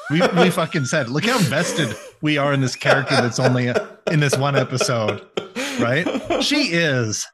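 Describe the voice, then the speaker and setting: A man's voice: mid-range voice, fairly bright tone. A young man co-hosting a podcast, retelling an episode in a loose, profane, laughing way. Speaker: podcast co-host. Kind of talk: casual recap chat.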